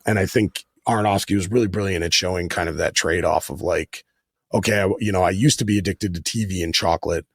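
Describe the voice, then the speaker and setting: Deep, gravelly male podcast guest; loose, filler-heavy film chat. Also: fast talker, no echo, studio quality. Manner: rambling, lots of "like" fillers, acts out quotes. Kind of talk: casual film discussion.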